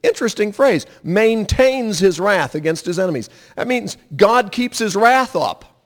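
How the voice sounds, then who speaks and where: A man's voice: sits high, animated, a little slow. A man preaching a sermon, emphatic and drawing the congregation into repeating lines after him. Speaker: pastor.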